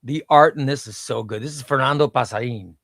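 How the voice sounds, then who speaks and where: A man's voice: medium pitch, fairly quick, a bit bright. A middle-aged man hosting a casual comic book livestream, rambling and reading chat aloud.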